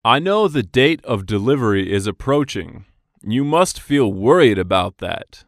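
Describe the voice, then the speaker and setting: A man reading scripted business dialogues for English practice, slow and carefully enunciated. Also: mid-range voice, very animated, no echo, studio quality.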